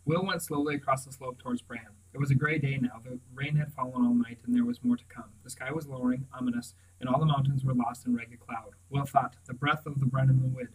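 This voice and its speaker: Male audiobook reader, steady measured read-aloud, set back from the mic. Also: mid-range voice, husky, recorded from a distance, poor audio. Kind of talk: storybook read-aloud narration.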